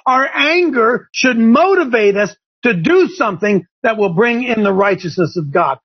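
High-voiced husky man preaching on air. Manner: impassioned, rising to near shouts. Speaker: host of a Christian talk show. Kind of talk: preaching to a call-in show. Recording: dull lo-fi broadcast audio.

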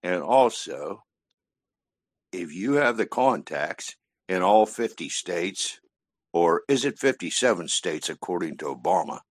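A man calling in to a talk show with a joking, unhurried comment. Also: sits low, expressive, no room sound. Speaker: caller. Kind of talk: call-in comment.

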